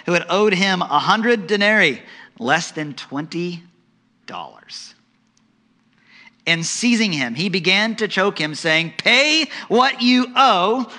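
Bright-voiced man preaching a sermon. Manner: dramatic, drops to soft low tones for emphasis and acts out voices. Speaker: pastor.

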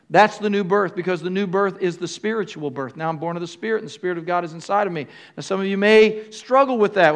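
An older male pastor preaching a sermon, calling on the congregation to answer back and often stopping to restart his phrases. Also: sits high. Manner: call-and-response with the congregation; halting, with restarts and fillers.

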